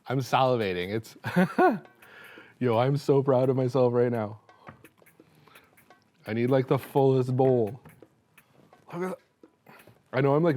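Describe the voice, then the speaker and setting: A young man hosting a cooking show, rambling and joking excitedly as he cooks and tastes in a studio kitchen. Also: medium pitch. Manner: hyped, rambling, joking, laughing between lines. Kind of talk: casual on-camera cooking chatter.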